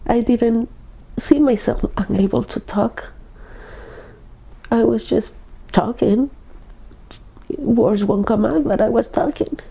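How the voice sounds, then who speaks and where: A woman, a hypnosis client recounting memories in a halting, hushed, often whispered, trance-like way. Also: on the high side, vocal fry, breathy edge, rough recording. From Ecuador.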